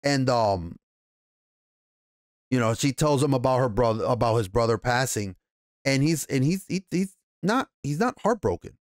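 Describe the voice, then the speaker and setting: A man giving a casual, rambling TV episode recap and review, excitable and profane, with many restarts. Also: medium pitch, normal speed, no echo, clean studio sound. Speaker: TV show reviewer.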